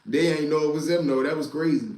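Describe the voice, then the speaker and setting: A man telling street stories to a live chat, animated and profane, talking straight to his listeners as y'all. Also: fairly high pitch, fast, echoey room. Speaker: storyteller and stream host.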